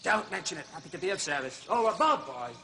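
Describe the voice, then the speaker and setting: Jolly chattering zookeeper host, out of breath, high bright voice, TV comedy sketch, faint music under him. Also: male voice, very animated, fast, creaky, slight background noise, exaggerated voice. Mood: chummy. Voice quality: chummy, chattering, chuckling. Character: jolly blustering male zookeeper safari host. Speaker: zoo film host.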